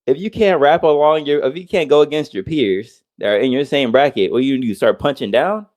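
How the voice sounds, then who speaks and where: A man's voice: a little high, fairly quick. A man co-hosting a casual podcast, ranting heatedly with lots of profanity and mocking quotes. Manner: heated, profane, swings between loud outbursts and mock quotes. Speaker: podcast co-host.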